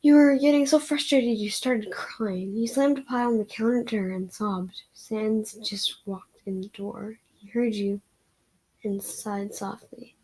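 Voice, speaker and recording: Woman, reading fan fiction aloud, casual, stumbling now and then, breathy, husky. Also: medium pitch, steady tone, a little slow, mellow, low-quality recording. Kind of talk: reading a romance fan story aloud with asides.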